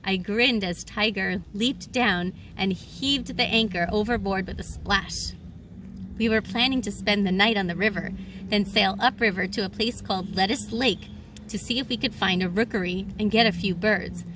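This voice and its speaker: Woman reading a kids' adventure book out loud, lively storytelling, mid pitch, soft background hum. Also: normal speed. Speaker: audiobook reader. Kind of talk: scripted first-person narration.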